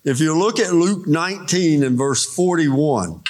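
Man, preacher, sermon, unhurried delivery, slightly high voice, deliberate. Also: expressive, darkish tone. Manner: slow, deliberate, reads scripture aloud.

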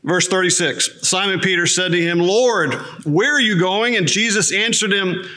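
A male pastor welcoming his church and telling a made-up comic story in a chatty, deadpan way, with fillers and restarts. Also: sits high, moderate pace. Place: church sanctuary.

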